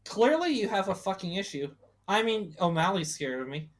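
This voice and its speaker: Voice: mid-range voice, very animated, normal speed, close to an everyday voice. A tabletop player voicing a volatile female monster who eats people, confrontational and swearing heavily. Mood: defiant. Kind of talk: in-character tabletop role-play.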